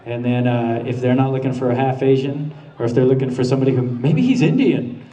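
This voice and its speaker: A mid-range, mellow male voice comes through fairly quick in a lo-fi recording. He's answering questions on a convention panel as the guest voice actor, relaxed and often laughing while he tells stories. The handheld camera sits far from the stage in a large, echoey hall where the audience murmurs and laughs.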